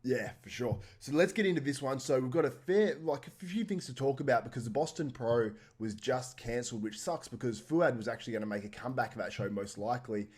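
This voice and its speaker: A man's voice: mid-range voice, expressive, a little fast, hardly any pauses, a little mellow, breathy edge. A man hosting a podcast in casual chat, chatty and laughing often. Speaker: podcast host.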